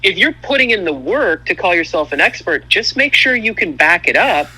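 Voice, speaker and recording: A man chats as a guest on a podcast and lays out his views earnestly. His voice sits slightly high and is very bright and forward. He talks in a loose, conversational way. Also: sing-song, normal speed, slightly rough, rough recording. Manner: earnest, explanatory. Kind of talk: casual chat.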